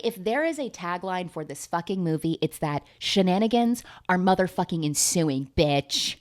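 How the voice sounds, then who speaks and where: A woman recapping a movie in casual chat, fast and profane, jumping into high comic outbursts. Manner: fast, animated, profane, with big comic pitch jumps.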